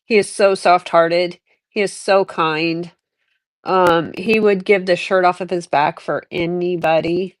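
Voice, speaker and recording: On her casual livestream, a middle-aged woman speaks a little slowly in a lowish, steady voice, recorded without echo. She rambles candidly and reflectively through her life story, restarting many times.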